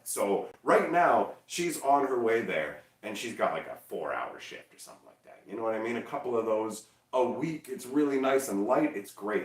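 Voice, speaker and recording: A man chatting casually on a livestream, loud and energetic, teasing his chat. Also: medium pitch, roomy sound, recorded from a distance. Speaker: streamer.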